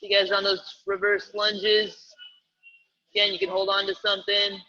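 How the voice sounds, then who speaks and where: A man's voice: high-pitched, completely flat delivery, moderate pace, pushed and bright, highs cut off. A man coaching a live online workout, calling out exercises and reps in an upbeat, joking way. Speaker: fitness coach.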